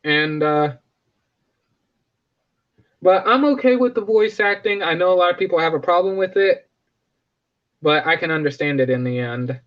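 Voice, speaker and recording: A man's voice: high voice, animated, normal speed, long pauses. Rambling casual man on a lo-fi stream. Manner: rambling, self-correcting, joking. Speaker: live stream host. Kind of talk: casual live stream chat.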